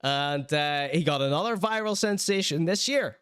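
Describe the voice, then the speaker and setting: A man's voice: on the high side, lively intonation, moderate pace, a bit bright, clean tone, no room sound, clean studio sound. A man hosting a podcast, commenting on viral clips in a casual, chatty and sarcastic way, laughing often. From Northern Ireland. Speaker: podcast host reviewing clips.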